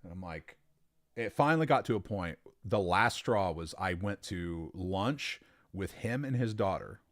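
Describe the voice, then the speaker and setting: A man telling a story in a casual, animated, profane way, getting worked up as he talks. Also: low-pitched, unhurried, no echo, studio quality. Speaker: storyteller recounting a former boss.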